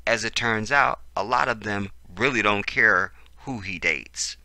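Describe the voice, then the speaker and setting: A man reading out news commentary and reacting to it, animated and profane, swinging between low mutters and loud outbursts. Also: measured pace, no room sound.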